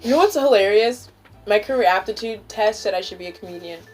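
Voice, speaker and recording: A woman's voice: medium pitch, fast talker, faint music behind. A young woman hosting a casual chat with a friend, rambling with lots of fillers and frequent giggles. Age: young adult. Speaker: channel host. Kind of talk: casual chat during a stoned mukbang.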